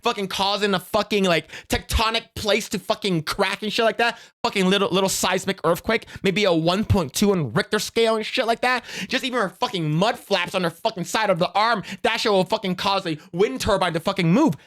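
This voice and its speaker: A man's voice: high voice, brisk, hardly any pauses, a bit bright. A young man streaming, giving casual reaction commentary in a profane, rambling way with many restarts.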